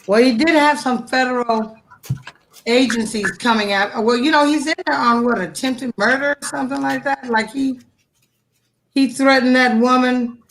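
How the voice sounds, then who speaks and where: Slangy American woman, higher voice. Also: normal speed, a little hiss or hum, low-quality recording. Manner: lively, slangy, reactive. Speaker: co-host. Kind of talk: casual chat.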